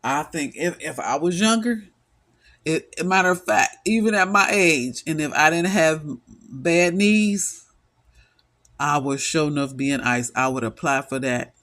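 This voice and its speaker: A middle-aged man delivers an impassioned solo monologue at a slow, deliberate pace. His voice sits a little high, and he sounds weary and emphatic. He hammers his points home through repetition. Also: pushed and bright. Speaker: vlogger.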